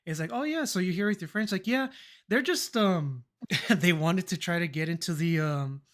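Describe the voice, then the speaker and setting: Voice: medium pitch, normal speed, fairly bright tone. A young adult streamer chatting casually, telling a rambling story full of fillers and mild swearing, acting out the lines of the people in it. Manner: rambling, laughing, swears, acts out quoted dialogue.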